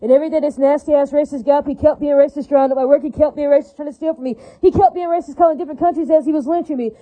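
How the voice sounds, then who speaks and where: A woman's voice: sits high, steady tone, very fast, narrow, tinny audio. A woman in an angry, profane monologue rant, repeating the same warnings again and again. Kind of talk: ranting monologue.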